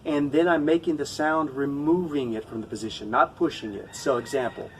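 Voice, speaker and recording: A man teaching pronunciation with a somewhat high voice, patiently demonstrating each sound again and again. He sits a little back from the microphone. A faint hum of room noise runs underneath. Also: recorded from a distance, rough recording. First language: English. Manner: patient, demonstrating sounds slowly and repeating examples. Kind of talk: pronunciation lesson to camera.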